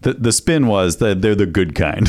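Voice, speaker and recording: A man with a very low voice chats on a podcast, laughing easily and dropping dry remarks. His pitch still swings widely as he jokes. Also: lively intonation, moderate pace, a little mellow. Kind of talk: casual comedy chat.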